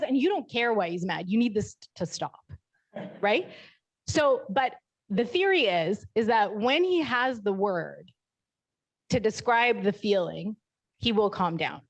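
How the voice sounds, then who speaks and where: A woman physician giving a keynote talk, telling stories in a lively, humorous and frank way. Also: mid-range voice, moderate pace. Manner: lively, humorous storytelling, self-mocking, frank.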